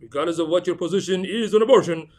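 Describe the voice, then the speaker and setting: Chatty man with a higher voice. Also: quick pace, darkish tone. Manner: joking, mixes in Arabic phrases. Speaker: podcast co-host. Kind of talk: casual chat reading news aloud.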